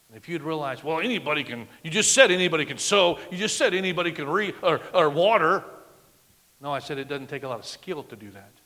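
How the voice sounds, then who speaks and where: A middle-aged man preaching a sermon as a guest pastor, emphatic, swinging from loud declarations to hushed lines. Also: a little high. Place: church sanctuary. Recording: long reverb of a large church hall.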